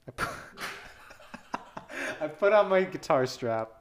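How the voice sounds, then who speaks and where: A man's voice: mid-range voice, animated, echoey room. A young man telling a rambling, self-deprecating story on a casual podcast. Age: young adult. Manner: rambling, self-deprecating, quick quoting of others. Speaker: podcast co-host.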